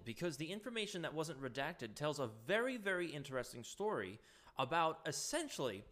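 A man's voice: on the high side, fairly bright tone. A man giving ranting political commentary, indignant and sarcastic, often stumbling over his words.

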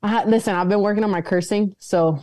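A woman hosting a casual chat over a video call, lively and quick to laugh. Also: medium pitch, crowd noise.

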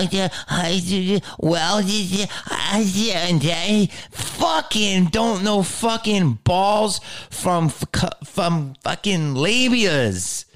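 A man's voice: sits high, a bit bright. A middle-aged man comedian ranting in a heated, profane, swaggering way.

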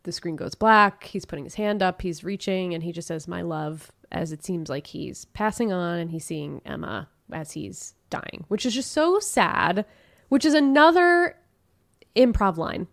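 A woman's voice: fairly low pitch, moderate pace, no echo. Chatty woman podcast host, dry close sound. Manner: animated, retells scenes with acted-out quotes. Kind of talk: casual recap chat.

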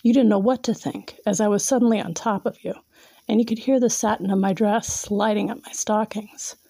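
A woman's voice: mid-range voice, steady tone, a little fast, vocal fry, mellow, no echo. A woman narrating a second-person erotic story in a teasing, domineering way, sometimes dropping to a whisper.

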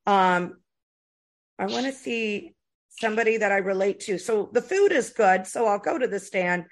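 A middle-aged American woman chats on a casual podcast, telling animated stories packed with swearing and filler words. Her voice is medium-pitched at a normal speed.

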